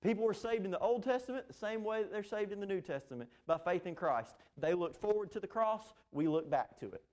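Guy preaching a verse-by-verse sermon, kinda high voice, gets real emphatic. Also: fairly quick, a little mellow. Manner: earnest, emphatic, with fillers and restarts. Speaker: pastor. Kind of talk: expository sermon.

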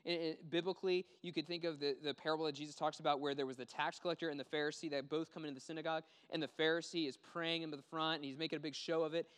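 A man's voice: fairly high pitch, fairly bright tone, smooth, long reverb tail. A man preaching a conversational sermon, acting out quoted voices as he goes. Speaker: pastor.

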